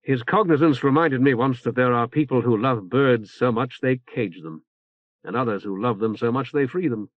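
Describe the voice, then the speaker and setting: A man voicing a calm young male leader who speaks in a measured way. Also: medium pitch, dry recording, lightly acted. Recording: tinny phone-like band.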